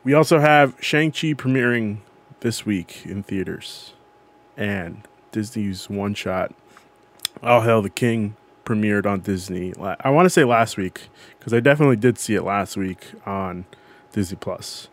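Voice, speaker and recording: A man's voice: on the low side, unhurried. A man co-hosting a casual podcast chat who tells stories in a rambling way and keeps correcting himself as he goes. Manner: rambling, self-correcting storyteller. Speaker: podcast co-host. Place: podcast recording.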